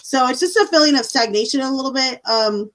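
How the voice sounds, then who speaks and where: A woman's voice: high-pitched, lively intonation, a little fast, a bit bright, rough recording. A woman giving a live-stream tarot reading in a casual, chatty way, full of fillers and "like"s. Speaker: tarot reader.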